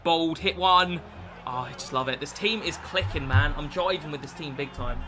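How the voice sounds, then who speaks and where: Streaming a game late at night, a British man in his twenties rambles casually and curses a lot while commenting on play. His voice sits on the high side and moves briskly, over a noisy background.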